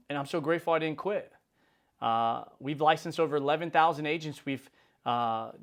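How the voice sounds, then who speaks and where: A man in his forties giving a casual, slangy motivational talk as host, often acting out little conversations. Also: fairly high pitch. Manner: casual, slangy, acts out quoted dialogue. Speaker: insurance business leader and video host.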